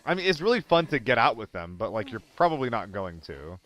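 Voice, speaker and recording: A man's voice: on the low side, very animated, fast, a bit bright. Swearing, chatty male gaming streamer. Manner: chatty, swearing, talks to chat; banters with viewers, jumps between topics. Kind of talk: casual live-stream commentary.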